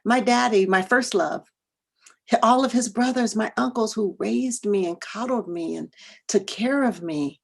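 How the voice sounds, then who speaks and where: A middle-aged woman from the United States giving an educational workshop talk, moving between hushed earnest asides and loud emphatic bursts and repeating phrases for emphasis. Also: fairly high pitch, unhurried, creaky, breathy edge. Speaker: workshop presenter.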